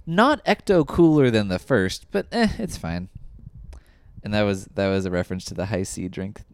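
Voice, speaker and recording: Low-voiced guy cohosting a podcast, jokey and dry, voice jumps around a lot, dead dry sound. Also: moderate pace, smooth, no room sound. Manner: dry joking, animated. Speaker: podcast co-host. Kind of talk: casual chat.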